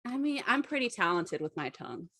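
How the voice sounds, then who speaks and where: A woman's voice: mid-range voice, very animated, fairly quick, a bit bright, no echo, clean studio sound. A woman playing a tabletop game, playful and teasing with her table. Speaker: player. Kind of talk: casual tabletop game chat.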